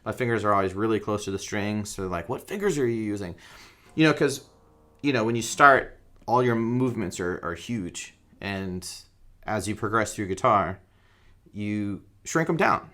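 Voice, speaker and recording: A man's voice: fairly low pitch, lively intonation, normal speed, a bit bright. A man teaching a guitar rhythm lesson in a casual, joking way, counting beats aloud while he strums.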